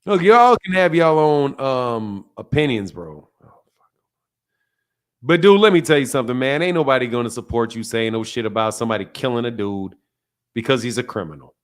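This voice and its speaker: A man's voice: medium pitch, animated, normal speed. A man hosting a live call-in show, talking bluntly and swearing freely. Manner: blunt, profane, calls people bro. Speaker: host.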